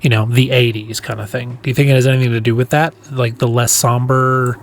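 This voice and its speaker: A man with an ordinary mid-range voice co-hosts a relaxed podcast about films. He talks freely and playfully, asking questions and riffing in a casual back-and-forth. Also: mid-range voice, a little hiss or hum. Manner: chatty, playful, quick to joke. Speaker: podcast co-host. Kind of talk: casual film discussion.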